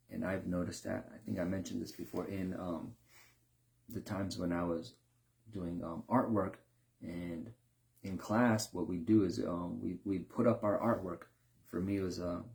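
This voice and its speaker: A man speaks in a relaxed, reflective monologue, thinking out loud with fillers and restarts. His voice sits low and carries a gravelly fry. The tone is mellow and dark rather than bright. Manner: acts out quoted cooks in higher voices, many fillers and restarts. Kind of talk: casual monologue.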